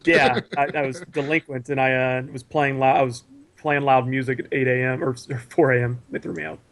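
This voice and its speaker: A man guesting on a casual podcast over a video call, telling stories in a rambling, animated way with lots of restarts. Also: medium pitch, fairly quick, creaky. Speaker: guest, cartoon creator.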